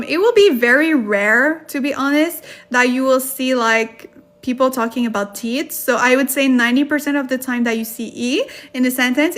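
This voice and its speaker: Chatty high-voiced woman teaching live. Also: fairly bright tone. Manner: chatty, laughs often, reads out viewer comments. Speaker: livestream Korean tutor. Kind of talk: casual livestream lesson.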